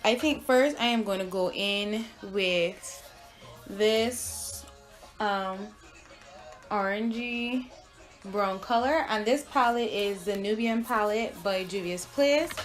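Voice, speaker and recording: A woman's voice: medium pitch, takes it slowly, faint music behind. A young woman from Barbados with a mixed Barbadian and American accent, chatting casually through a makeup tutorial. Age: young adult. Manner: chatty, relaxed, with fillers. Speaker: beauty vlogger.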